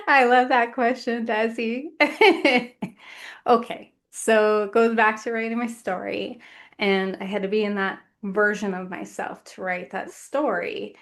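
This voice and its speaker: A woman, a guest author on a podcast, speaking in an earnest, measured way in short phrases. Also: on the high side, fairly bright tone. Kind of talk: reflective podcast conversation.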